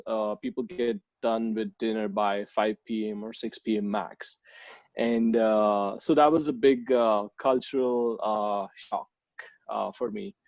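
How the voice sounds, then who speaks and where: A young man from India, a podcast guest, talking casually with many pauses and restarts. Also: on the low side, darkish tone, dry recording. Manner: hesitant, many ums and restarts. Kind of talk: casual interview chat. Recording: dull, dry lo-fi sound.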